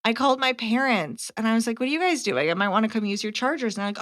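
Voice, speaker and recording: A woman's voice: on the high side, quick pace, a bit bright. A woman co-hosting a podcast, telling stories animatedly and laughing often. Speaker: podcast co-host. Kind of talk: casual chat. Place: greater Atlanta area.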